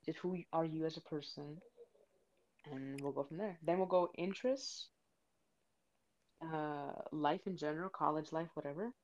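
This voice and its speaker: A woman's voice: low voice, moderate pace, pauses often, darkish tone, lo-fi sound. Rambling young woman podcast host. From South Florida. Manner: rambling, swears, says "you know what I mean" often. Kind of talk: casual podcast chat.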